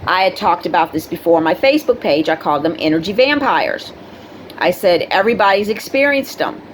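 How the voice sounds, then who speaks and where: Middle-aged lady, low-ish voice, earnest chatty monologue, lots of ums, faint hiss behind. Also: lively intonation, fairly quick, rough recording. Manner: earnest, conversational, many fillers; acts out quoted people in a high voice. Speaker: spiritual video host. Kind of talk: casual spoken monologue to camera.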